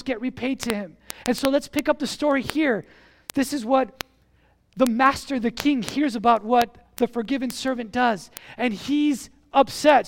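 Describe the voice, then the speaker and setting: Animated high-voiced pastor delivering a sermon, leaning on repetition. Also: slight background noise.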